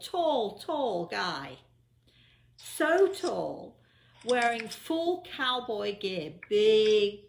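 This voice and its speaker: A woman's voice: mid-range voice, vocal fry, echoey room, slight background noise. A woman telling a personal story in a casual, rambling way, with many fillers and restarts.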